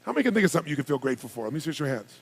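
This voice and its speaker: A man giving a live motivational seminar on a stage before a large audience, energetic, firing rhetorical questions at the crowd and at times shouting to rouse them. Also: a little high, rapid-fire, breathy edge. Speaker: motivational speaker.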